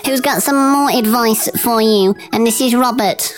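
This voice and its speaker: A woman's voice: a little high, moderate pace, a little hiss or hum, close to an everyday voice. A woman playing a gushing, sympathetic host in a comedy sketch, cooing over her guest. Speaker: show host.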